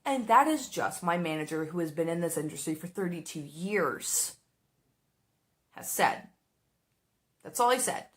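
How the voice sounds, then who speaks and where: A young woman casually telling a story about her restaurant job while doing makeup, animated and swearing, slipping into exaggerated voices for the people she quotes. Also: on the low side, a little slow, long pauses.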